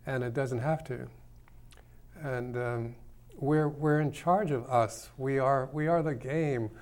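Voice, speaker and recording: A man hosting a call-in talk show, his voice gravelly with a steady creak. He rambles through his ideas in a loose, playful way and likes to tease his listeners. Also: medium pitch, takes it slowly. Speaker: radio show host.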